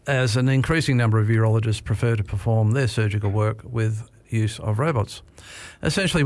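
A man hosts a community radio reading program in a mid-pitched voice, hesitating often with small fillers. His voice is captured close and dry in a quiet studio. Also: dry recording. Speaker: radio presenter. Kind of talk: hosting a talking newspaper program.

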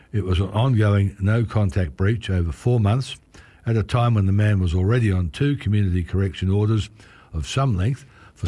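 A man with a hoarse, croaky voice, reading newspaper articles aloud on community radio in a steady, measured way. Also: fairly low pitch, no room sound. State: hoarse, croaky, clearing his throat. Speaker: volunteer newspaper reader.

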